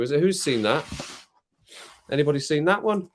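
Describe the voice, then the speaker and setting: A man's voice: on the high side, animated, moderate pace, pauses often. Chatty British man hosting a stream. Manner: chatty, rambling, laughs often, reads comments aloud. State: drinking rum, occasional coughs. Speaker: live stream host. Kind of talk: casual chat with live viewers.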